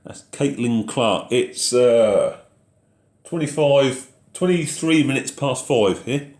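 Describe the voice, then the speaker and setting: A man's voice: medium pitch, animated, takes it slowly, a little mellow, echoey room. A man hosting a casual live question-and-answer chat about farming, reading out viewer messages and answering them in an easygoing way.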